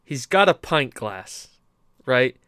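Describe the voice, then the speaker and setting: A young man co-hosting a gaming podcast, telling stories in a casual, animated, rambling way with many restarts. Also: medium pitch, slow pace, smooth, dry recording, studio quality. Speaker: podcast co-host. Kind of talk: casual storytelling chat.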